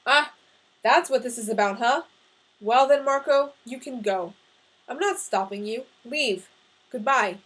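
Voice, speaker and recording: A woman voicing a stern, angry Italian father who shouts at his son in a read-aloud story. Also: fairly high pitch, a little slow, low-quality recording. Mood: bitter. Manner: shouting, bitter.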